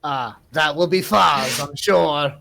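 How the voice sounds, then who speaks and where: A man's voice: a little high, slow pace, creaky, sharp tone. A man playing a tabletop game, wry and easygoing. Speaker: player.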